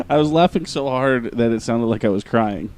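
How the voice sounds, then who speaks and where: A man's voice: mid-range voice, lively intonation, normal speed, darkish tone, smooth. A man co-hosting a casual podcast, laughing often and swearing freely. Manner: laughs often, crude jokes. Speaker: podcast co-host. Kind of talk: casual chat.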